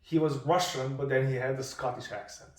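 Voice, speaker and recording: A man hosting a casual film conversation, talking in an emphatic, animated way with frequent restarts and asides. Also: mid-range voice, brisk. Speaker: podcast host. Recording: echoey room, distant from the mic.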